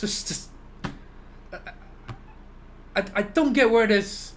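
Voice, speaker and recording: Young male streamer with a lighter, higher voice. Rants loosely and swears freely. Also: takes it slowly. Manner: rambling rant full of "you know" and swearing. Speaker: live streamer. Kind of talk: casual chat with live viewers.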